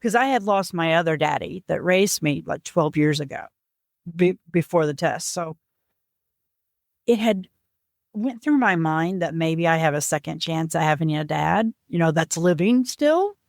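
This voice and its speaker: A woman guest on a podcast, earnestly retelling a personal family story and voicing the people in it with lively shifts. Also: sits low, unhurried, vocal fry, dry recording, clean studio sound. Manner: earnest, animated retelling with lively voiced quotes.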